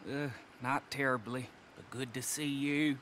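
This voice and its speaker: A man's voice: medium pitch, fairly even intonation, unhurried, background noise, lightly acted. A man playing a hesitant ticket clerk. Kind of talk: video game cutscene dialogue.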